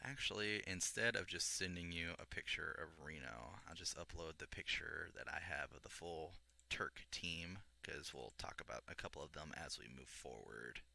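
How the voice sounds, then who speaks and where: A man's voice: extremely low pitch, normal speed, creaky, bright, forceful tone. A young man casually retelling a video game story to a friend, rambling with restarts and acting out the characters' lines. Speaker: podcast co-host explaining a game story.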